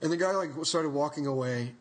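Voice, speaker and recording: A man's voice: fairly high pitch, fairly quick. A young man co-hosting a podcast, telling a story in a rambling, laughing way and swearing freely. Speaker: podcast co-host. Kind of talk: casual chat, storytelling.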